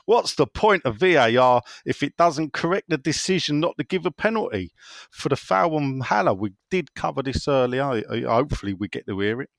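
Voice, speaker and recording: A man's voice: medium pitch, lively intonation, moderate pace, creaky, dry recording. Wry man hosting a football chat. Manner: wry, teasing, often self-interrupting. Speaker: football phone-in host. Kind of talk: casual chat reading listener messages.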